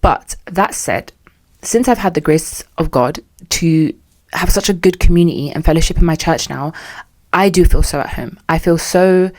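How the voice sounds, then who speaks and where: A woman's voice: fairly low pitch, moderate pace, darkish tone. Chatty, sarcastic British young woman. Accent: British English. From United Kingdom. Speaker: podcast host. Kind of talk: solo podcast chat.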